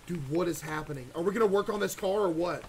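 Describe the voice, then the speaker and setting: A man streaming a horror game, excitable and stammering as he talks to his chat. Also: sits high, quick pace, a little hiss or hum. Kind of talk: live horror gameplay commentary.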